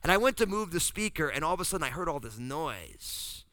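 A pastor from New Jersey telling a funny family story in a sermon, acting out the voices of the people in it. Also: male voice, on the high side, fairly quick, dry recording. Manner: animated, acts out voices in his story.

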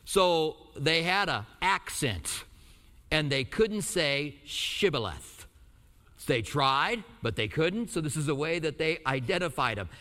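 A pastor from Albuquerque teaching verse by verse, reading scripture slowly and then explaining it in a conversational way with light jokes. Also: male voice, a little high, lively intonation, sharp tone. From Albuquerque, New Mexico. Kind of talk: verse-by-verse sermon. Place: church in Tucson. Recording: hall reverb.

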